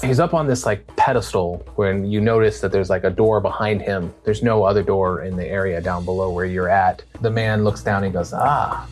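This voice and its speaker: A man running a tabletop game as game master, narrating in a loose, playful way with casual fillers. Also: fairly low pitch.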